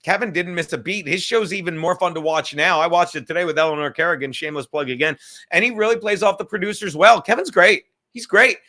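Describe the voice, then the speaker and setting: A man hosting a live stream, rambling loudly and profanely from topic to topic in casual chat. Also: sits high, fast. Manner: loud, rambling, profane, jumps between topics.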